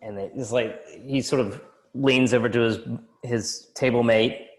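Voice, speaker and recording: Casual halting game master, man. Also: medium pitch, steady tone, rough recording. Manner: casual, halting, many fillers and restarts. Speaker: dungeon master. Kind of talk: narrating a tabletop game.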